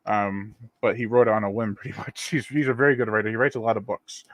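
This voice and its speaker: A man's voice: fairly low pitch, fast, dry recording. Male host, easygoing rambling live-stream chat, dry close sound. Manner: rambling and relaxed, reads viewer comments aloud. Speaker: channel host.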